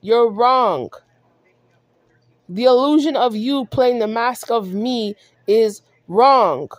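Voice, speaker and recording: A woman's voice: a little high, slow, no room sound, lo-fi sound. A woman vlogger delivering a heated monologue, scolding someone directly and repeating herself for emphasis.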